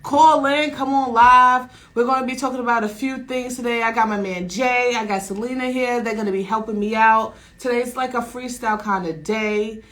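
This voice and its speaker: Loud lively radio host woman. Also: on the high side, moderate pace, hardly any pauses, rough recording. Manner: loud, lively, slangy hype talk. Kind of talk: casual radio chat.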